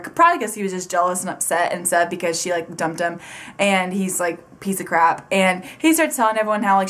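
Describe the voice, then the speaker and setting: A young woman reviewing a book in a casual vlog, gushing and rambling excitedly with lots of fillers. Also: medium pitch.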